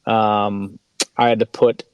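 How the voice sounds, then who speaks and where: A man with a fairly low voice speaks as an interview guest, earnest and conversational. He often restarts and repeats words as he tells his stories. The recording is dry, with almost no room sound. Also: flat delivery, slow, smooth, no room sound, muffled recording. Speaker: author and guest.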